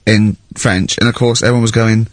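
A man's voice: fairly low pitch, fairly quick, no echo. A middle-aged man hosting a casual chat, telling stories and acting out the people in them. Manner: animated storyteller, acts out shouting characters. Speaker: podcast host.

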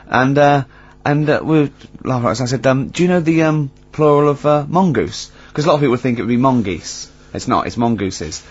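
A man's voice: mid-range voice, brisk, few pauses, husky, highs cut off. A man hosting a radio show, telling stories in casual banter with plenty of fillers and laughter. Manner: chatty storyteller, laughs often, many fillers. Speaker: radio host.

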